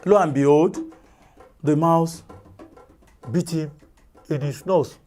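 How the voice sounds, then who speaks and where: A woman telling a folk tale in an animated, chatty way, with asides to listeners. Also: deep voice, takes it slowly, faint music behind. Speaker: storyteller.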